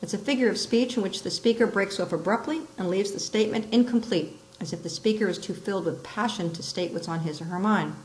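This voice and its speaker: A woman teaching rhetorical terms, explaining each one and acting out the examples with lively emphasis. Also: medium pitch, quick pace, few pauses, low-quality recording. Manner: explains with examples, acts out quoted lines expressively. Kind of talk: recorded lesson on rhetorical terms.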